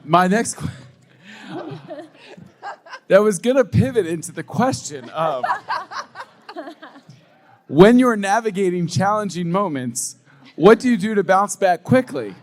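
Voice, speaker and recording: A man moderating a panel on stage, upbeat and quick to laugh. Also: sits high, expressive, slight background noise.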